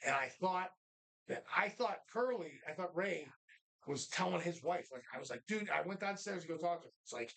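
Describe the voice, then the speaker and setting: Gravelly, swearing bar-show co-host. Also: male voice, high-pitched, fairly quick. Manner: animated storytelling, heavy swearing. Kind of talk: casual bar chat.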